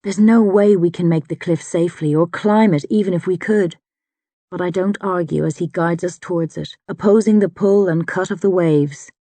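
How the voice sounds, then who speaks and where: A woman narrating a fantasy audiobook in the first person, with a measured, dramatic delivery. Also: lowish voice, mellow, dry recording.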